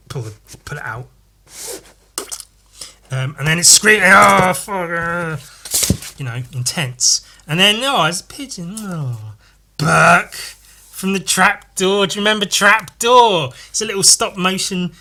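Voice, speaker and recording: Male podcast host with a bright, tense voice. Casual, profane and playful, riffing on his sketchbook. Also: on the high side. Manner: swears constantly, playful, jumps into loud goofy voices. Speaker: artist hosting a solo podcast. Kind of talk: casual rambling chat while sketching.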